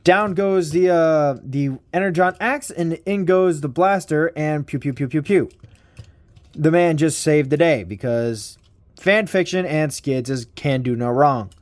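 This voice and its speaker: A man's voice: a little high, unhurried. A man giving a casual toy review, rambling and self-deprecating, with casual swearing.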